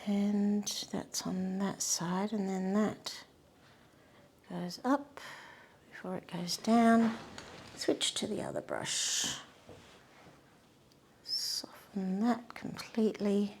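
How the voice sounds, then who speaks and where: A woman giving a painting demonstration, murmuring softly to herself and often dropping to a whisper. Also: medium pitch, steady tone, drawn-out words, creaky, pauses often, husky. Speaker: art instructor.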